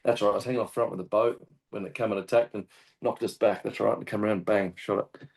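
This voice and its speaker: A man with an Australian accent, a hunting guest telling a story in casual chat, animated and swearing often. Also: fairly low pitch, fast, vocal fry. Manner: animated, swears often, acts out shouted quotes. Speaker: guest hunter.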